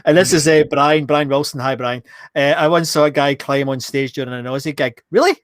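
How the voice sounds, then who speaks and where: A man co-hosting a live online chat show, talking casually and joking as he reads viewer messages. His voice sits a touch high for a man and is recorded close and dry, with no room sound. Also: steady tone, a little fast, no echo. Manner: chatty and jokey, laughs often.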